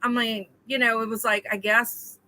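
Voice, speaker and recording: A woman co-hosting a casual chat between friends, telling animated stories and addressing listeners casually. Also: a little high, moderate pace, rough recording. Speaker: co-host.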